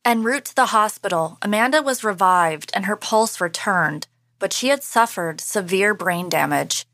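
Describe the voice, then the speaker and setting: A woman hosting a podcast, giving measured, scripted true-crime narration. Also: medium pitch, lively intonation, a bit bright, slight background noise.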